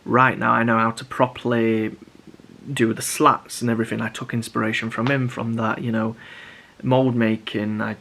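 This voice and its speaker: A man's voice: medium pitch, flat delivery, moderate pace, creaky, fairly bright tone, slight background noise. A young man chatting casually to camera about building props, rambling with many restarts. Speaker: prop maker vlogger.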